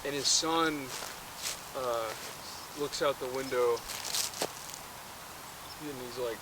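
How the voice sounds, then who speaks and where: A man's voice: medium pitch, slow, pauses often. A man casually retelling a film plot, rambling and constantly correcting himself. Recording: noisy outdoor background.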